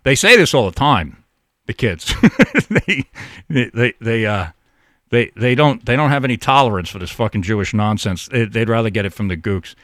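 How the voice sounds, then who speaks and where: A man's voice: lowish voice, animated, moderate pace, a bit bright, dry recording, clean studio sound. A man hosting a call-in show, rambling, profane and stammering through restarts in a casual monologue. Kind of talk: casual talk radio monologue.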